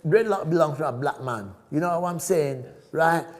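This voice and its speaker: A man in his sixties from South Africa, a podcast guest telling stories in a lively way, often checking in with "right?" and laughing as he goes. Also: on the high side, moderate pace. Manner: animated, tags sentences with "right?". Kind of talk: storytelling in an interview.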